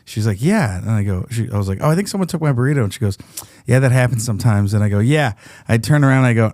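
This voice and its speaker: A man's voice: mid-range voice, expressive, racing, a little mellow, no room sound, studio quality. A man hosting a podcast, telling a story in casual chat, acting out quotes and laughing often. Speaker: podcast host.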